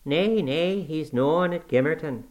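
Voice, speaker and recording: Man putting on a grumbling old servant, preachy, loud, drawn-out, storybook reading. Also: a little high, voice pushed up, natural voice. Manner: slow, loud, preachy ranting. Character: cantankerous old male servant, pious and scolding.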